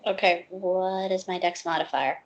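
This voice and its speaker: A woman's voice: lowish voice, steady tone, normal speed, lo-fi sound. A woman playing in a tabletop game, a little hesitant and unsure of the rules. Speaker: player. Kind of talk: casual tabletop game play.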